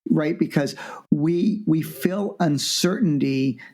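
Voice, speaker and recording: A man, a business professor guest on an interview podcast, telling stories in a lively way and acting out quoted people with big jumps in his voice. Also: a little high, takes it slowly. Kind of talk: animated interview storytelling.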